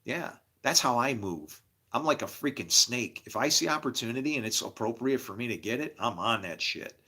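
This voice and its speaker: Bright-voiced rambling middle-aged man. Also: medium pitch, animated, moderate pace, slightly rough. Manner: rambling, candid, laughing often. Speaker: podcast host. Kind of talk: casual personal monologue.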